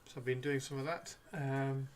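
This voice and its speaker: A man's voice: mid-range voice, fairly even intonation, normal speed, a little hiss or hum. A man chatting casually on a live stream while painting miniatures, rambling and playfully teasing his chat.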